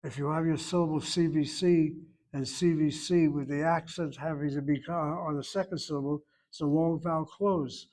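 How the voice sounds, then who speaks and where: Male language teacher, fairly high voice, emphatic, repeats himself, corrects students. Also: fairly even intonation, moderate pace, darkish tone. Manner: emphatic, repeats and corrects students, thinks aloud while spelling. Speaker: Hebrew teacher. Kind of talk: online class teaching.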